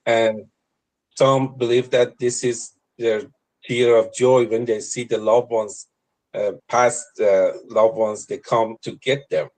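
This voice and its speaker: Slow, halting man with many pauses. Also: mid-range voice, level tone, darkish tone, poor audio. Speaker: caller asking for a reading. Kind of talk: hesitant conversation.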